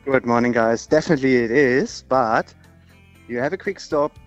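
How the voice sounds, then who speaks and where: A man's voice: mid-range voice, normal speed, soft background music. An Australian man calling into radio, chirpy and matter-of-fact. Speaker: caller. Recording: dull phone-in line.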